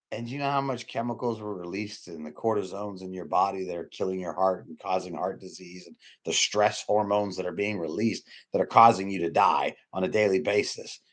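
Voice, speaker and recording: Guy preaching off the cuff, rambly, keeps restarting, gets loud then drops way down. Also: lowish voice. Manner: rambling, repeats himself, restarts sentences. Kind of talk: informal sermon.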